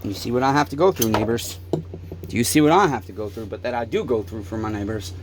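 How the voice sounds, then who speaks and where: Talking fast in a medium-pitched voice against a noisy background, a small-engine repair shop owner gives an angry monologue to camera. He swears frequently, pleads, and says the same things over and over.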